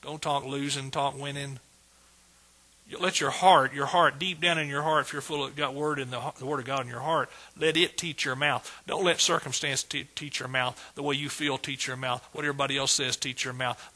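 A man's voice: mid-range voice, steady tone, normal speed, sharp tone, breathy edge. A middle-aged man preaching a sermon with exuberant energy, repeating phrases and calling out praise. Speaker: pastor.

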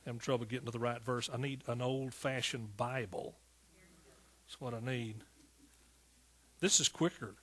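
A man's voice: medium pitch, moderate pace, long pauses, husky. A man preaching a sermon in a fervent, rhythmic way, often calling out to his listeners. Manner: fervent, rhythmic preaching with repeated calls to the congregation.

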